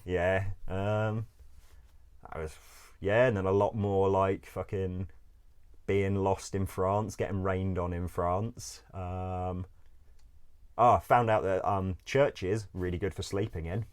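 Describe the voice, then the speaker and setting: Male interview guest with a very deep voice. Casual, rambling storyteller who swears and laughs a lot. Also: fairly even intonation, slow pace, clean tone. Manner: rambling, full of "like", swears freely, laughs often.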